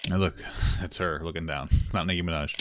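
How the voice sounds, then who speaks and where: A man's voice: sits low, fairly even intonation, brisk, a bit bright, a little hiss or hum. A young man talking through a live stream reaction, blunt, irritated at times, swearing and saying "like" a lot. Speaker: livestream commentator reacting to a video.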